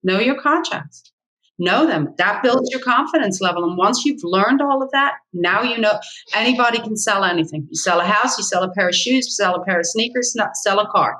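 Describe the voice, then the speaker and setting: Blunt, bright-voiced middle-aged woman. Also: medium pitch, animated, brisk, low-quality recording. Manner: blunt, emphatic, repeats key points. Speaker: real estate agent, guest. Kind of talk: candid interview talk.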